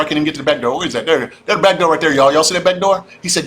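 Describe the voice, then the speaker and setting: Fired-up high bright-voiced man. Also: rapid-fire, few pauses, a little hiss or hum. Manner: animated, preachy, addresses audience as y'all. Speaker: real estate investor speaker. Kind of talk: fired-up livestream talk.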